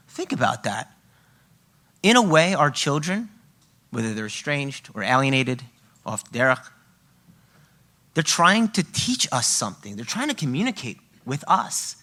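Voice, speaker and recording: A man's voice: mid-range voice, sing-song, a little slow, long pauses, bright, forceful tone. A man presenting a parenting workshop to a live audience, speaking emphatically and often checking in with "okay?" and "right?".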